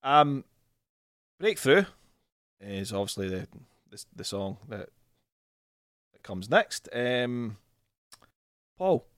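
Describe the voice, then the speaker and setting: A Scottish man leads a casual chat with a lively, swooping voice. He steers the talk and swears freely, recorded dry and close. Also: medium pitch, takes it slowly, long pauses, smooth, dry recording. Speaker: podcast host leading the discussion.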